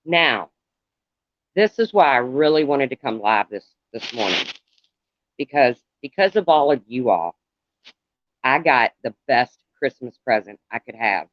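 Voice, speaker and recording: A middle-aged man talking to viewers on a live stream in a halting, rambling way, calling out commenters by name. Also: medium pitch, expressive, no room sound. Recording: dull lo-fi, dry sound.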